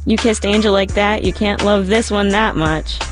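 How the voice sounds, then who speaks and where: A woman's voice: medium pitch, normal speed, over music, pitched above the performer's own voice, close to an everyday voice. Cynthia, a bossy teasing teen girl, read by a woman. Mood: coaxing.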